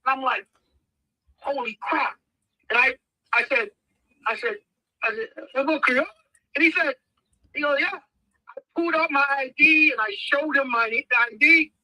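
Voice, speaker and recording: A man's voice: extremely high pitch, moderate pace, pauses often, dry recording, low-quality recording. A man, telling stories on a podcast as a guest and acting out the voices of the people in them. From United States. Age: 50s. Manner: animated, acts out voices in his stories. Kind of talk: casual storytelling.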